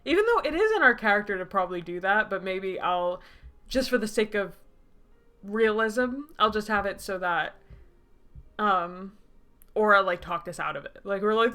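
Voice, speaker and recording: Woman streamer; expressive reader of a story game, quick emotional asides. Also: medium pitch. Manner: excitable, laughing, emotional reactions. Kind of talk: reading a story game aloud with commentary.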